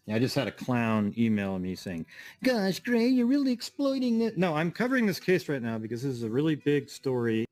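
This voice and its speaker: A man's voice: medium pitch, a little mellow. A man hosting a livestream in rambling casual chat, irritably scolding his chat and losing his train of thought. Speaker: livestream host.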